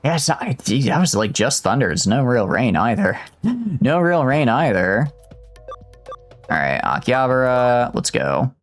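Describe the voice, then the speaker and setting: A man's voice: medium pitch, sing-song, measured pace, faint music behind. Rambling young male streamer. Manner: rambling, jokey. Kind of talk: casual gameplay commentary.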